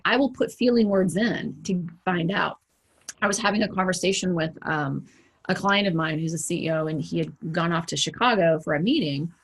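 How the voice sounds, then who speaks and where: A woman coach speaking straight to the camera in a motivational talk, her voice slightly husky and breathy. She talks in an animated, conversational way, throwing rhetorical questions at the listener and briefly acting out quoted remarks in livelier voices. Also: on the low side. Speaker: executive coach.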